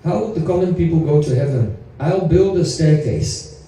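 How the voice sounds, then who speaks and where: Boastful demon king, voiced by a man, scheming, high-pitched, far from mic. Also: animated, moderate pace, mellow, close to an everyday voice. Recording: very echoey room, voice from afar.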